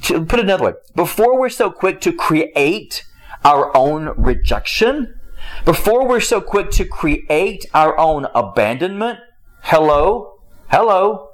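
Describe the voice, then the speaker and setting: A man's voice: fairly high pitch, sing-song, a little slow. A man preaching a conversational sermon, emphatic and repetitive, often breaking off with a rhetorical "hello?" and chuckling as he talks. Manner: chuckles while speaking.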